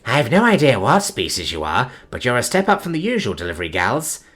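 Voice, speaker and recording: A man's voice: mid-range voice, huge pitch swings, brisk, fairly bright tone. A man voicing a grumbling, brash cat-like alien woman who has just been woken from a nap. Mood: flirtatious. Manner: grumbling, then purring and flirtatious.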